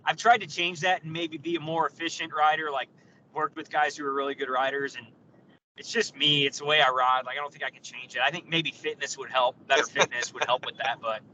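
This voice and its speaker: A man co-hosting a podcast in casual chat, an animated storyteller who laughs often. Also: a little high, a little fast, a little hiss or hum, poor audio. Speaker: podcast co-host.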